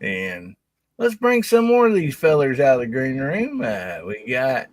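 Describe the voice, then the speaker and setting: A man's voice: medium pitch, huge pitch swings, measured pace, dry recording. A man hosting a casual livestream chat, introducing each guest in a folksy way. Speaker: host.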